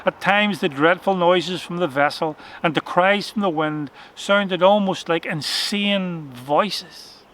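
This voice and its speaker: Male children's-story narrator, expressive and dramatic, bright tone. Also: high voice, slow, hardly any pauses.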